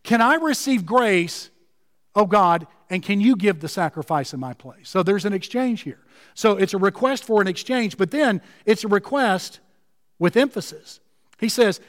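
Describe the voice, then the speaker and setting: A pastor preaching a sermon with emphasis, slowing down and stretching his key words. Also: sits high, in a large hall.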